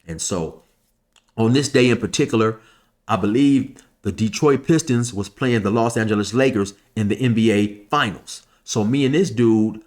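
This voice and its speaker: A man telling a personal story in a loose, conversational way, with frequent asides. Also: fairly low pitch. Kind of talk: casual storytelling.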